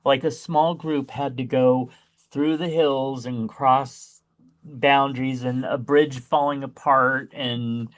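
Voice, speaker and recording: A man co-hosting a podcast, chatting casually about a movie with big excited jumps in pitch when he exclaims. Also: takes it slowly. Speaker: podcast co-host. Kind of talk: casual chat reviewing a movie.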